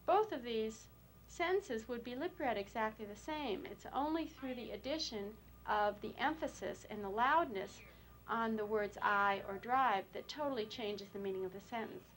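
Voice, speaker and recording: A woman clinician giving a measured documentary explanation, stressing words to make her examples clear. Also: a little high, fairly bright tone, a little hiss or hum, poor audio. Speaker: clinician explaining cochlear implants.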